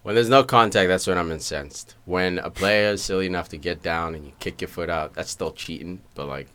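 A man's voice: low voice, a little fast, fairly bright tone, smooth. A man co-hosting a casual soccer podcast, dropping sarcastic asides. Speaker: podcast co-host. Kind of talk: casual chat.

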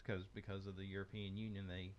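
A man's voice: low-pitched, little pitch movement, fast, muffled recording, slight background noise. A man hosting a casual tech podcast, reading news items aloud with frequent fillers and restarts. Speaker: podcast host.

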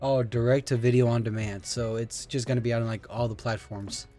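A man's voice: medium pitch, steady tone, a little fast, warm tone, faint music behind. A man hosting a casual solo talk show, rambling with restarts and swearing.

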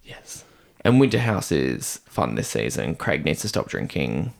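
A man's voice: very deep voice, big pitch swings, a little slow, vocal fry. A man co-hosting a podcast, chatting in a gossipy, campy way about reality TV. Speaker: podcast co-host. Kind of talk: casual pop-culture chat.

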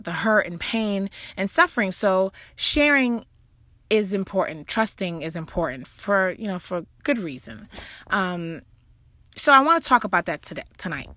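A woman, a mother, talking casually about faith and trust, telling a rambling personal story full of "you know" asides and animated jumps in her voice. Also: fairly low pitch, no room sound. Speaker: mother sharing a faith talk.

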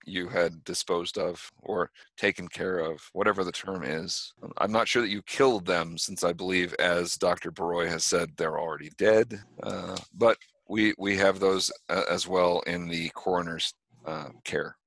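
A man running a tabletop game as game master from home over a video call, measured and hesitant with fillers. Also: low-pitched, fairly even intonation, a bit bright, dry recording.

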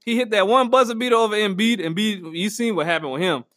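A man's voice: high voice, fast, no echo. Een lachende man met een hoge stem. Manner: animated, slangy, acts out quotes with laughter. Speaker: podcast host. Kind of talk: casual comedic monologue.

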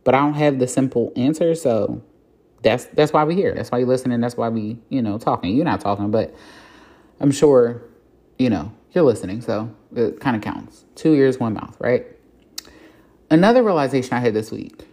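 Very low-voiced, mellow frank woman. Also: a little fast. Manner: frank, reflective, with casual swearing and many fillers. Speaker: podcast host. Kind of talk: candid solo podcast monologue.

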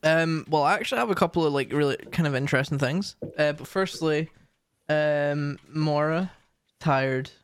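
A man's voice: fairly high pitch, moderate pace, slight background noise. A young man co-hosting a podcast in casual chat, rambling with lots of fillers and restarts. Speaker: podcast co-host.

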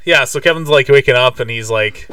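A man's voice: mid-range voice, fairly quick, distant mic, crowd noise. A man co-hosting a casual podcast, chatty and playful as he retells a movie scene by scene. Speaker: podcast co-host. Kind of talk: casual movie recap chat.

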